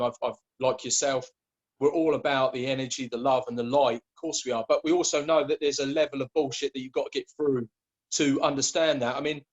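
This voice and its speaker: A man's voice: mid-range voice, dull audio. A man in casual conversation as a guest, rambling, with many restarts and repeated words.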